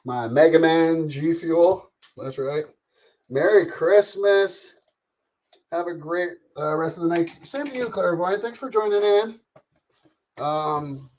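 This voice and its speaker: A man's voice: fairly high pitch, darkish tone. A middle-aged man from Canada, live-streaming while he cooks, chatting casually with viewers, greeting them by name and swearing freely. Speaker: livestreamer cooking while reading chat.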